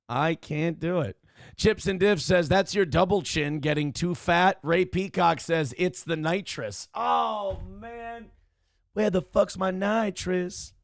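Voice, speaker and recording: A middle-aged man hosts a casual livestream talk show, reading donations aloud with loud, crude jokes and a rough voice that cannot reach high notes. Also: slow pace, no room sound, studio quality. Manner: loud, crude, joking, reads chat messages aloud.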